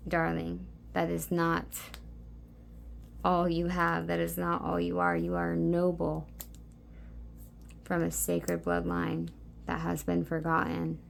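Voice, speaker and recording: A woman giving a soft, meandering spiritual card reading, talking intimately to her listeners with many fillers. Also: lowish voice, monotone, slow pace, gravelly, pauses often. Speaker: tarot card reader.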